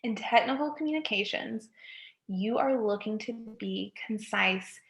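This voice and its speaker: A woman's voice: mid-range voice, measured pace, gravelly, fairly bright tone. A woman, a college writing instructor, giving a recorded lecture, often checking in with "okay?" and correcting herself mid-sentence. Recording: echoey room.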